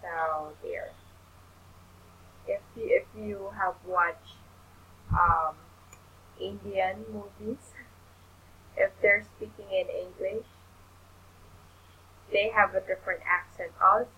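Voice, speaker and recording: A woman tutoring English in an online lesson, explaining things slowly and patiently. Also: medium pitch, steady tone, bright, forceful tone, slight background noise, rough recording.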